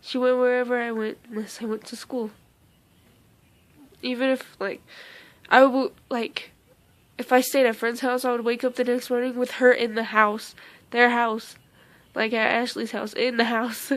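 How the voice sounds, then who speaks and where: A young woman vlogger, emotional and near tears, talks in a halting way full of fillers and restarts. Her voice sits a bit high with a gravelly fry running through it. She stays on a flat, narrow tone. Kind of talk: casual storytime vlog.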